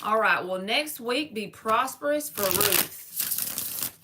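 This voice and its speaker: A woman's voice: on the high side, expressive, slow pace, background noise. A woman giving a live-stream tarot reading, talking casually and straight to her viewers in slangy everyday speech. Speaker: tarot reader.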